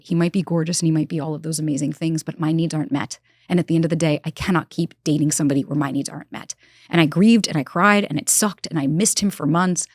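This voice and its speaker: A woman's voice: lowish voice, darkish tone, no room sound, clean studio sound. A woman, telling candid stories as a relationship expert guest in a casual interview. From New York. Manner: fast, candid storytelling with quick asides. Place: studio in Los Angeles.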